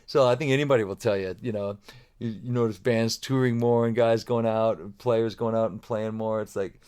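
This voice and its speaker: A man's voice: on the low side, fairly even intonation, normal speed, darkish tone, clear, resonant tone. A middle-aged man talking casually as a podcast guest, rambling with many restarts and fillers. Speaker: guest drummer.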